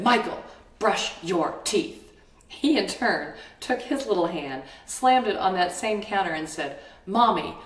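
Middle-aged woman speaker, low-pitched, storytelling workshop voice, echoey room, mic set back. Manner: expressive storyteller, calm and reflective. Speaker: webinar presenter on conflict. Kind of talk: teaching talk with personal story. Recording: roomy echo, distant mic.

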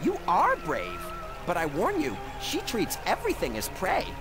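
A woman's voice: mid-range voice, huge pitch swings, moderate pace. A woman voicing a timid, fussy, mournful male mock turtle in a video game, with a quavering, prim voice. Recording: game audio under music.

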